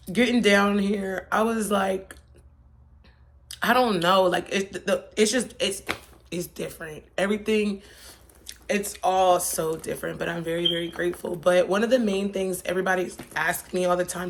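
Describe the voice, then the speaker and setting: A young woman from Pennsylvania vlogging in a chatty, rambling, slangy way that turns emotional. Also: medium pitch. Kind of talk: casual chat. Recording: faint background noise.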